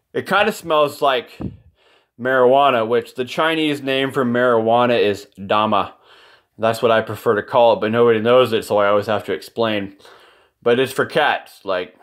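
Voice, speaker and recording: A man speaking at an ordinary mid pitch in a rambling home video recorded indoors. His talk wanders from topic to topic, turns profane and ranting at times, and he often apologizes. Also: a bit bright. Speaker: father filming a video message. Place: indoors at home, in a room with a nightlight.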